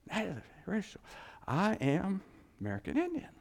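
A man preaches in a church with an animated, joking delivery, slipping into voices as he teaches. His speech swings widely up and down and carries a gravelly grain. The sound rings with the long reverb of a large hall. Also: high-pitched, normal speed. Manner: animated, jokey, acts out God's voice. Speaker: pastor. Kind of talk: sermon. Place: church sanctuary.

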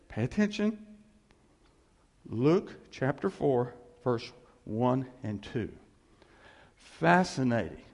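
A man's voice: fairly high pitch, creaky, darkish tone, big-room sound. A man preaching a sermon as pastor, conversational, with chuckles and asides to the congregation.

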